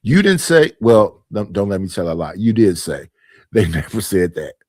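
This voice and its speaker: A man's voice: fairly low pitch, sing-song, moderate pace, darkish tone, no echo, studio quality. Emphatic man venting on his stream. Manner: emphatic, argumentative, repeats his points. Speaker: streamer and panel host. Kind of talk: casual monologue on a live stream.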